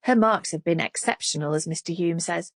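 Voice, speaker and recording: A woman reading an audiobook thriller in an expressive, scripted narration. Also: fairly low pitch, a little fast, no room sound, studio quality.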